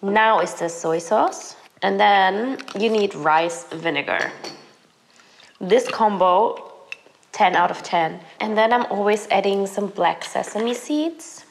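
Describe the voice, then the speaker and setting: A young woman, sick and hoarse, chatting casually to viewers while cooking in her home kitchen. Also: medium pitch, slow pace, a little hiss or hum. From Germany. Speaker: lifestyle vlogger. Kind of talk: casual cooking vlog chat.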